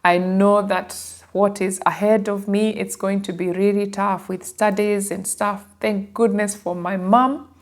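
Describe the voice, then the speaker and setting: Kenyan woman in her 30s doing a storytime vlog, animated, emotional, calls viewers guys. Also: medium pitch, unhurried. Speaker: vlogger telling her story. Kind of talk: casual storytime.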